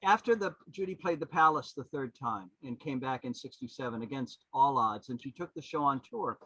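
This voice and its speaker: A man in his seventies, a podcast guest and historian, telling anecdotes in an animated, rambling way with many restarts. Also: medium pitch, normal speed, slightly rough, no room sound, rough recording. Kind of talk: anecdotal storytelling.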